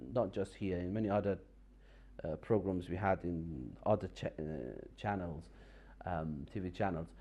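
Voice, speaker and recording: Guy teaching recitation on tv, mellow low-key tone, lots of uh's and restarts, patient. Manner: halting, many fillers and restarts, patient explaining. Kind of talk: TV lesson explaining pronunciation.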